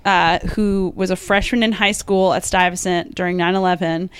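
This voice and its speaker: A woman co-hosting a comedy podcast, reacting with quick exclamations and frequent laughter in casual chat. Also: on the low side, fairly even intonation, a little hiss or hum. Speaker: podcast co-host.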